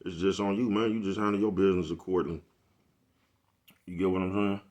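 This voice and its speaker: Deep-voiced, fast-talking man ranting casually. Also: fairly even intonation, darkish tone. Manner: repeats "you know what I'm talking about"; laid-back, profane street talk. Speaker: vlogger. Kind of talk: casual monologue to camera.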